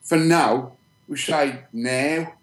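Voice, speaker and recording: A man with a broad Black Country accent talks casually as a podcast guest, circling back and restarting his sentences. His voice sits fairly high, and the room around him rings with echo. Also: fairly even intonation, a little slow. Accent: Black Country English. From Black Country, England. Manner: chatty, repeats himself with restarts. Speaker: guest, detector maker. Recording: roomy echo.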